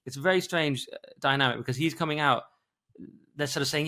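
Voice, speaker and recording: A tired man co-hosting a podcast, rambling quickly through his thoughts in casual talk. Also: a little high, pushed and bright. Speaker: podcast co-host. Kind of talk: casual political discussion.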